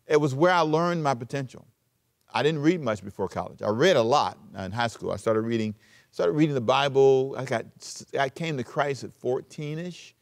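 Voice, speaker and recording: A man preaching a sermon as pastor, emphatic, switching between loud urging and quiet asides. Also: mid-range voice.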